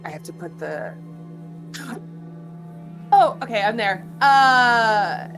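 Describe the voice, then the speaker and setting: Slow, halting woman playing a tabletop game. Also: a little high, animated, fairly bright tone, faint music behind. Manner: hesitant, halting, full of restarts. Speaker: player. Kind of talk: tabletop game play, casual.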